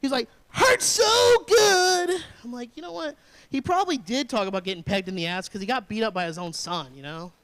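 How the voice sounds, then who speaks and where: Man, from Indiana, high voice, stand-up comedian, rambling, crude self-deprecating jokes. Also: expressive, quick pace, a bit bright, low-quality recording.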